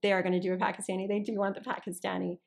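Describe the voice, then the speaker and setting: A woman's voice: medium pitch, little pitch movement, very fast, creaky. Chatty woman voiceover actor as guest. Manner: chatty, restarts sentences, checks in with "you understand?". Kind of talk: casual interview talk.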